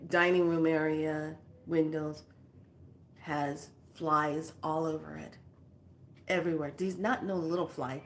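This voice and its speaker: A woman and spiritual teacher telling a story in casual, animated, slangy talk. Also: low-pitched. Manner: animated, slangy, acts out voices.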